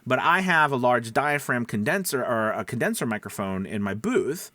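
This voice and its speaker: A man teaching voice actors about microphones in a casual tutorial, animated and rambling, with many fillers and restarts, speaking close into a broadcast mic. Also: medium pitch, normal speed, no echo. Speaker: voice actor coach. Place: small home room, door open. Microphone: dynamic broadcast mic, close up.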